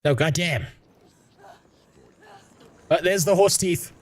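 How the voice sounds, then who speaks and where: A man's voice: on the high side, slow pace. A young man streaming a game, talking in crude, sarcastic, laughing rants. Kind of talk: casual gaming stream chat.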